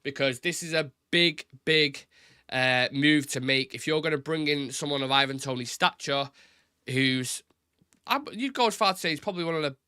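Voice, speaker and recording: A man's voice: fairly high pitch, moderate pace, bright, forceful tone, clear, resonant tone, no room sound, clean studio sound. A young man hosting a casual live-stream football chat, talking loosely with repeated words and stop-start phrasing. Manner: chatty, repeats words, says "innit", reads chat aloud.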